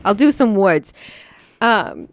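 A woman's voice: medium pitch, animated, slow pace, no echo. A woman co-hosting a podcast in casual chat, giggling often as she talks. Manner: giggly, laughs often between words. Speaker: podcast co-host and storyteller.

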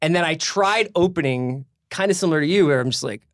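Higher-voiced man telling self-deprecating anecdotes. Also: fast, no echo, clean studio sound. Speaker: podcast co-host. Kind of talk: casual chat.

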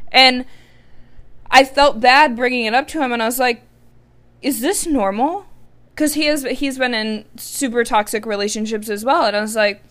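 A woman's voice: fairly high pitch, fairly bright tone. A young woman hosting a personal podcast, talking candidly in a rambling, casual way with lots of "like". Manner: rambling, heavy use of "like", candid and frank. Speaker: podcast host.

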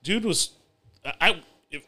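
A man's voice: high voice, a little slow. A young adult man hosting a podcast, telling a story in casual, profane chat. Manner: profane, animated anecdote-telling with laughs. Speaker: podcast host.

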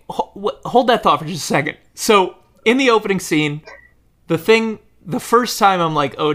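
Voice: medium pitch, pushed and bright. A speaker in casual conversation retelling book scenes, acting out the quoted lines and laughing mid-sentence. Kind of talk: casual book-and-movie chat.

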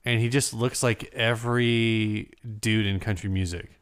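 A man's voice: lowish voice, fairly even intonation, measured pace, clean tone. A man co-hosting a casual podcast, rambling and self-deprecating, often trailing off mid-thought. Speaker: podcast co-host. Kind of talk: casual chat.

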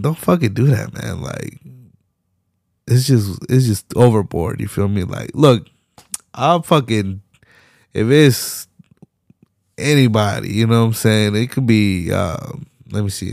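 A man's voice: fairly low pitch, creaky, dry recording, studio quality. A young man hosting his own podcast, talking solo in loose profane slang with plenty of laughter. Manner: profane, animated street slang, frequent laughs. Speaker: podcast host. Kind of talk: casual solo commentary.

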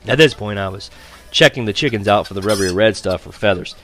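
A man reading a first-person story aloud in a lively, animated way, chuckling now and then. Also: fairly low pitch, fast, soft background music.

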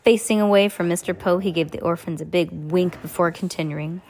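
Woman reading a kids book out loud, plain steady voice, few slips. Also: lowish voice, fairly quick, a little hiss or hum. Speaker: audiobook reader. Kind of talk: reading a novel aloud.

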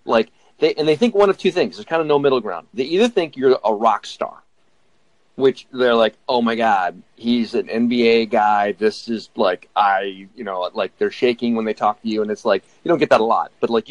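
A man's voice: mid-range voice, no echo, poor audio. Chatty man in casual conversation. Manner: chatty, lots of likes and fillers. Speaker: guest, former mascot.

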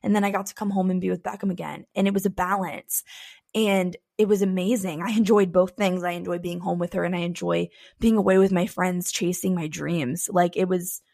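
In clean, echo-free studio audio, a young female podcast co-host casually recounts personal stories, candid and talkative, often dropping "like" as a filler. Her voice sits fairly low, creaky and somewhat dark, with a level tone and a slightly quick pace.

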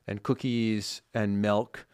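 A man's voice: on the low side, slow, clear, resonant tone, no echo. Playful man co-hosting a dry podcast. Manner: playful, animated gift-giving banter. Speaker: podcast co-host. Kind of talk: casual chat.

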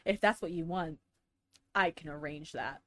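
A woman reading a taunting young male werewolf in a lower, slow, threatening tone. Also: very noisy, lightly acted.

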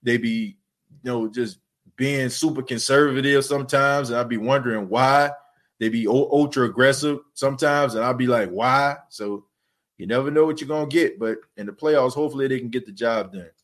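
A man's voice: medium pitch, moderate pace. A man hosting a podcast, rambling in casual sports talk with lots of fillers and repeats. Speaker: podcast host.

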